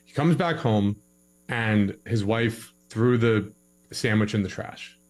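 A man's voice: fairly low pitch, slow, poor audio. A young man giving relationship advice in a casual podcast conversation, acting out both sides of a couple's arguments in his stories.

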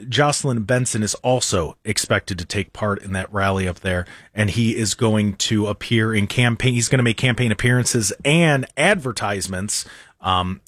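A man's voice: on the low side, a bit bright, dry recording, studio quality. A young American man hosting a talk radio show, rambling and sarcastic with mocking asides. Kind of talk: casual opinionated talk radio monologue. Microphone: studio microphone.

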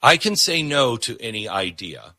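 A man's voice: mid-range voice, very animated, moderate pace, sharp tone, no echo, clean studio sound. A man hosting a talk show, delivering an opinionated, emphatic monologue that repeats words for punch.

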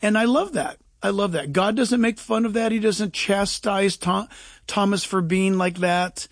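A man's voice: high voice, measured pace, no echo. A man preaching on a talk show, fervent and emphatic, repeating key lines.

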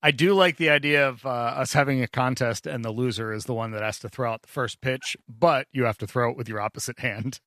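A man's voice: medium pitch, steady tone, a little fast, few pauses, fairly bright tone, no room sound. A man in casual chat, laid-back, giving short dry replies.

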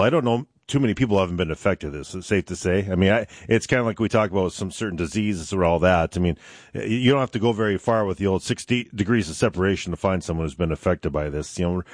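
A man's voice: deep voice, animated, fast talker, no echo, clean studio sound. A man hosting a casual interview, talking in a folksy, conversational way with lots of fillers. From upper Midwest. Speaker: host.

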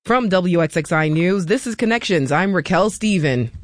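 A woman hosting a public radio talk show from a studio, measured and slowing down for lists and phone numbers. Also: on the low side, animated, over loud music. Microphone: studio microphone.

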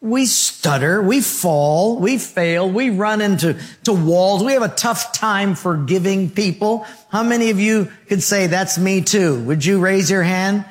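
Speaking in a high-sitting voice, unhurried and with few pauses, a pastor delivers a sermon to a congregation. He asks rhetorical questions and tells stories with voiced quotes and laughter, and a long reverb tail trails his words.

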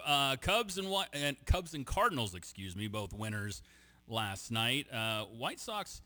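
A man co-hosts a sports talk radio show, trading quick jokes with his partners. His voice is very bright and forward. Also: on the low side, big pitch swings. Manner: joking, quick banter.

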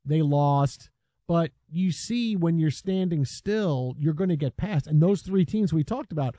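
Emphatic high-voiced sports radio host. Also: male voice, expressive, normal speed, warm tone, no room sound, clean studio sound. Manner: emphatic, repeats words when revving up.

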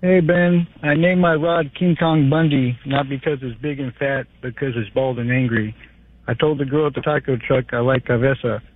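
A man calling in to a radio show, firing off deadpan one-liner jokes. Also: medium pitch, moderate pace, lightly acted. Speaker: caller. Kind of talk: call-in radio joke caller. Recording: tinny phone line with faint noise.

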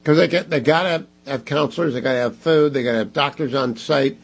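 A man's voice: medium pitch, brisk, slightly rough, poor audio. A man hosting a talk radio show, speaking emphatically and pressing listeners to give. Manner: emphatic, pleading and scolding listeners.

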